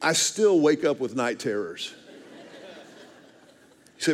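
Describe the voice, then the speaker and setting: A pastor delivering a sermon, telling stories in an animated, humorous way. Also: male voice, mid-range voice, slow.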